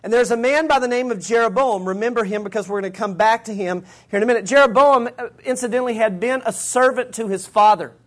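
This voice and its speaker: A man's voice: extremely high pitch, fast talker. A man preaching a sermon, retelling scripture in casual everyday slang. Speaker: pastor.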